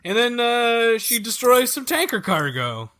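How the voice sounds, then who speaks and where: A man's voice: very high-pitched, big pitch swings, measured pace, fairly bright tone. A man hosting a casual gaming podcast, eagerly walking through game levels. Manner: enthusiastic, explaining game levels. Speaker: podcast host. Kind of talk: casual chat.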